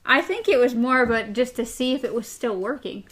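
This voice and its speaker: Animated woman podcast co-host. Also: fairly high pitch, normal speed. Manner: animated, laughs often. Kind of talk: casual book discussion and reading aloud.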